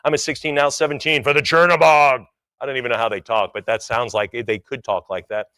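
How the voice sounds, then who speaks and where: A man working as an auctioneer, chanting bids in quick rhythmic runs and tossing in joking asides. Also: mid-range voice, fairly even intonation, sharp tone, clear, resonant tone, no room sound. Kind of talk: live auction calling.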